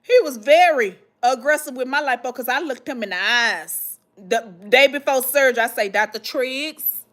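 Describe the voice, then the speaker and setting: A woman hosting a vlog, chatting casually and reading viewer comments, animated and dramatic with slangy asides. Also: sits high, moderate pace. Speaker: vlog host answering viewer questions.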